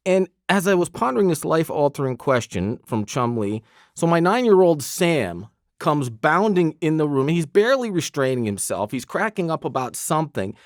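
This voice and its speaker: A man's voice: on the high side, normal speed, dry recording, clean studio sound. A man of fifty co-hosting a podcast in casual chat, joking and telling stories. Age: 50s. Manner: animated, joking storyteller. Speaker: podcast co-host.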